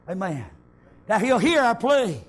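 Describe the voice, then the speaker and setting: High-pitched shouting preacher. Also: male voice, very animated, unhurried. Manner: shouting, sing-song preaching with frequent amens. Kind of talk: sermon.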